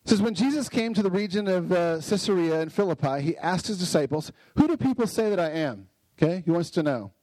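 An enthusiastic man gives a casual Bible lesson in a slightly high voice, tossing in "right?" as he goes. The sound is dry and close, with no room echo at all. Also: animated, a little fast, few pauses, a little mellow. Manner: enthusiastic, frequent "right?" tag questions.

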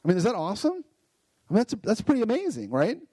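An enthusiastic man gives a casual Bible lesson in a slightly high voice, tossing in "right?" as he goes. The sound is dry and close, with no room echo at all. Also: wildly swooping pitch, fast, mellow, husky. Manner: enthusiastic, frequent "right?" tag questions.

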